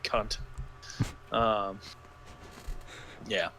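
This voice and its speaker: A man's voice: on the low side, steady tone, extremely slow, bright, forceful tone, a little hiss or hum. Sarcastic profane man reviewing a story. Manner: mocking, profane, exasperated. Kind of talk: sarcastic commentary and reading.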